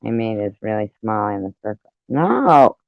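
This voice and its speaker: A man's voice: lowish voice, completely flat delivery, a little fast, no room sound. A man chatting casually in an online voice room, laughing often and swearing freely. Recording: dull lo-fi sound.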